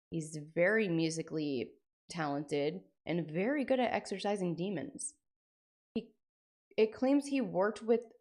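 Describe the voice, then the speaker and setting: Woman streamer, casual live chat, rambling, filler-heavy, mid-pitched. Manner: rambling, lots of "like" and "frickin'".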